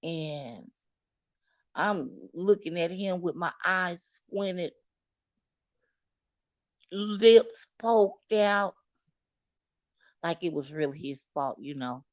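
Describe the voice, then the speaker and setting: A woman unspools a personal storytime at a slow, unhurried pace, candid and dramatic, cursing freely and talking straight to her viewers. Her voice sounds close and dry, with a slightly dull, lo-fi quality. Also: sits low, a bit bright, no room sound. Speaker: storyteller vlogger. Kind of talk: storytime recounting.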